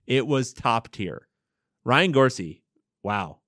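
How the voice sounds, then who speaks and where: A man's voice: medium pitch, very animated, takes it slowly, a bit bright, no echo, clean studio sound. A man co-hosting a podcast in casual chat, joking as he reads out a list of fan favorites. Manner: joking, mock-grand listing of fan favorites. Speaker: podcast co-host.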